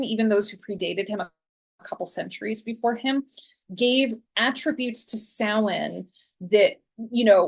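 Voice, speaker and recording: A woman in her forties giving a conversational lecture as a guest speaker, chatty and loose, with frequent ums and small restarts. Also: mid-range voice. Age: 40s.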